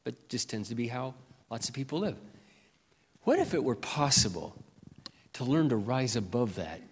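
An older man preaching a sermon with impassioned delivery, dropping to a hush and rising to loud peaks. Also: medium pitch, expressive, quick pace. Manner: impassioned, swings from hushed to loud. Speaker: pastor. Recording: long reverb of a hall.

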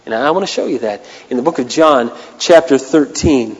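A man preaching a sermon as a pastor, impassioned, swinging between loud declarations and hushed asides. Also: mid-range voice, animated, normal speed, breathy edge, long reverb tail, lo-fi sound.

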